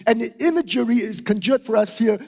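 Middle-aged man, high-voiced emphatic preacher, long hall echo. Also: expressive, a little fast, creaky, darkish tone. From Singapore. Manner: emphatic, repeats key phrases, asks "right?" and "okay?". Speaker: pastor. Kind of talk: sermon. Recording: hall reverb.

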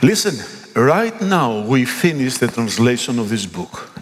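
A middle-aged man from Greece with a Greek accent, preaching a sermon and telling a story with emphatic, animated delivery. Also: medium pitch, unhurried, a little hiss or hum. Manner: animated, emphatic, acts out dialogue. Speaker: pastor. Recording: echoey hall.

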